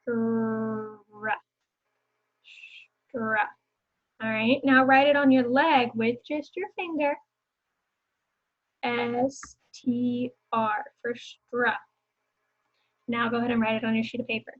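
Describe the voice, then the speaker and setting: A young woman teacher leads a phonics lesson for small children at a very slow, careful pace, stretching out each sound. Her voice sits a little high, and she keeps cheering the children on and having them say words back. The recording is a bit muffled and dull. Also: fairly even intonation. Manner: encouraging, repeats words for students to echo.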